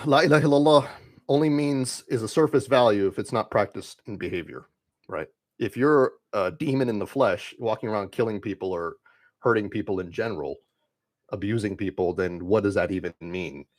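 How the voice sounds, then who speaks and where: A man's voice: lowish voice, normal speed. A young man live streaming, ranting casually to his chat in a rambling, dismissive way with lots of "like". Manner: rambling, heavy use of "like", dismissive.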